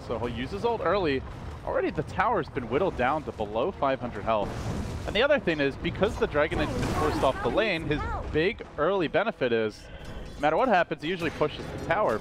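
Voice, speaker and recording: A man casting a live esports match, play-by-play commentary that climbs and speeds up during fights. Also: brisk. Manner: excitable, rising in pitch during fights. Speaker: esports caster.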